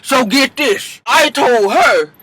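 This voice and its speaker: A woman voicing a brash, outspoken middle-aged mother who talks loudly and indignantly. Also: sits high, lively intonation, takes it slowly, pitched above the performer's own voice, full character voice, low-quality recording. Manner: loud, indignant, blunt.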